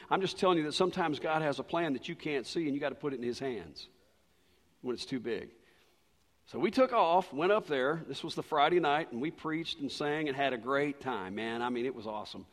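An older man preaching a sermon and telling a personal story, animated, swinging from loud bursts to quiet asides. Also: mid-range voice. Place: church sanctuary. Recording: long reverb of a large church.

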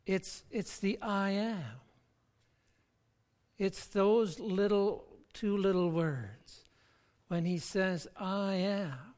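Slow, emphatic sermon preacher; repeats words for stress; church-hall reverb. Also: mid-range voice. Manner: emphatic, repeats words while building a point. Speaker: pastor.

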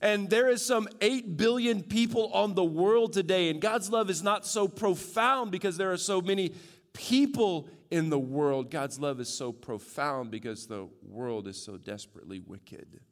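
A man's voice: high-pitched, moderate pace. Man preaching a sermon in a reverberant hall. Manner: swings from loud joking asides to hushed earnest stress. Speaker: pastor.

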